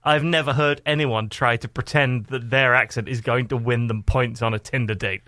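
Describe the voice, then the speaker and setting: A man's voice: medium pitch, steady tone, normal speed, sharp tone, no echo. A man co-hosting a casual radio talk show, wry and opinionated. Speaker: radio co-host. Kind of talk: casual chat.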